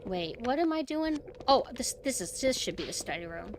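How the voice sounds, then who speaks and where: A young woman streaming a horror game, chatting casually and excitably as she plays. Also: on the high side, moderate pace, noisy background. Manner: chatty, excitable, cheering her dog on. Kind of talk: casual gameplay commentary.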